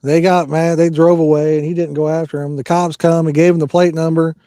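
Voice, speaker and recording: A man's voice: a little high, little pitch movement, brisk, mellow, clean tone, no room sound. A man hosting a live fishing stream outdoors, rambling easily and reading viewer comments aloud. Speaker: fishing livestream host. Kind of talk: casual live-stream chat.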